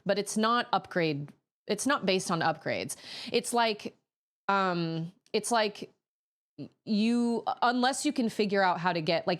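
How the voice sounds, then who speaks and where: A woman streamer chatting casually to her audience in a rambling way, often laughing. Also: fairly low pitch. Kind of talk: casual chat on a gaming stream.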